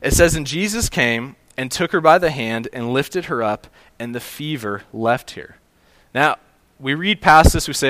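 A man's voice: medium pitch, animated, unhurried, a bit bright, no echo. Man preaching a conversational sermon. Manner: storytelling, conversational with small restarts. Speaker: pastor.

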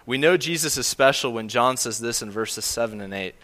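A man's voice: medium pitch, animated, brisk, pushed and bright, long reverb tail. A man preaching a sermon to a congregation, earnest and emphatic, with frequent fillers and restarts. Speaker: pastor.

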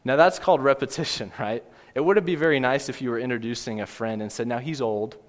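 A pastor preaches a sermon in an ordinary, medium-pitched voice, talking fast and earnestly. He puts questions directly to his listeners and keeps circling back to his main points. A long reverb suggests a large church hall.

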